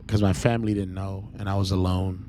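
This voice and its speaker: A man hosting a podcast, telling a personal faith testimony in an earnest, halting, emotional way. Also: deep voice, level tone, warm tone, soft background music. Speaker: podcast host.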